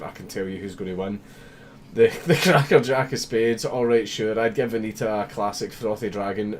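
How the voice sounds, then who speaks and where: A young man with a fairly low voice hosts a livestream, mock-reading viewer messages aloud. He swears constantly and laughs a lot, and there's a slight hiss or hum in the audio.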